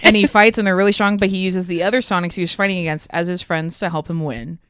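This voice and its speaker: A woman's voice: on the low side, fairly even intonation, fast talker, fairly bright tone, clean tone, no echo. A young woman co-hosting a podcast, chatting casually in a playful, teasing way. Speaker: podcast co-host.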